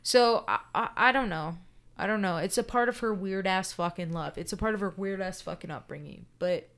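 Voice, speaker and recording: A woman's voice: mid-range voice, brisk, a bit bright. A woman in casual podcast chat, telling a personal story bluntly, swearing often and checking in with "right?". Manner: emphatic and candid.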